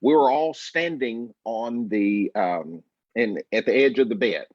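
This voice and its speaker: A husky man in his fifties tells a personal story as a guest, slow and emphatic. His voice comes through a dry, dull video-call line with little room sound. He speaks in a measured, reflective way. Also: mid-range voice, a little mellow, no echo.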